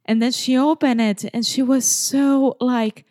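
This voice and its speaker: A woman's voice: high-pitched, measured pace. Giggly woman. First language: Portuguese. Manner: giggly, animated storyteller. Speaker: podcast co-host. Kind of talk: casual chat.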